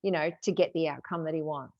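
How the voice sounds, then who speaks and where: A woman's voice: low-pitched, fairly even intonation, fast talker, warm tone, no room sound. A woman hosting a podcast, chatty and agreeable as she recaps points. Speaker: podcast host. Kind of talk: casual podcast chat. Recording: dull, dry lo-fi sound.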